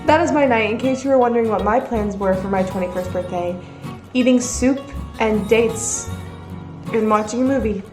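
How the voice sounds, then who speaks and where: A woman's voice: medium pitch, moderate pace. 21-year-old college woman, candid chatty vlog voice, room echo, faint music behind. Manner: chatty, candid, talks straight to camera. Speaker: college student vlogger. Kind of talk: casual vlog chat.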